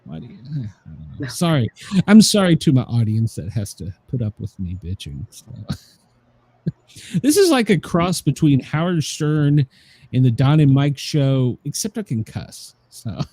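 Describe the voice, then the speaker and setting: A man hosting a loose talk show, his pitch swinging widely as he rants and swears. His voice is mellow and a little husky, and it sits dry and close. He laughs his way through his complaints. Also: very animated, measured pace, dry recording. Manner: profane, ranting and laughing. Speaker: host. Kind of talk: casual chat.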